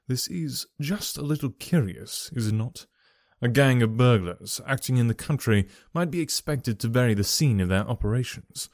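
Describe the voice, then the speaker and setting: Thoughtful detective, low-key and measured, dry studio read, as a male narrator puts him on. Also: a little mellow, dry recording, lightly acted. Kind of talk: audiobook character reading.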